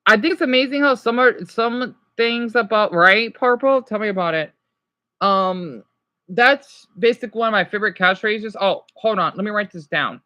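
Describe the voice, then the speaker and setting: Bright-voiced rambling male streamer. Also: high voice, normal speed, no room sound. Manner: rambling, self-correcting, answers chat. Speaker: livestreamer teaching French words. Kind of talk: casual livestream chat.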